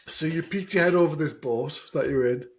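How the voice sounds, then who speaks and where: A man's voice: a little high, a little hiss or hum. A man co-hosting a podcast, who chips in with teasing remarks in casual chat. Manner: teasing, interjecting. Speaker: podcast co-host.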